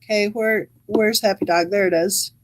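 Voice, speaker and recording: A woman's voice: mid-range voice, fairly even intonation, normal speed, low-quality recording. A woman hosting a true crime channel, reading live chat comments aloud and adding wry, chatty asides.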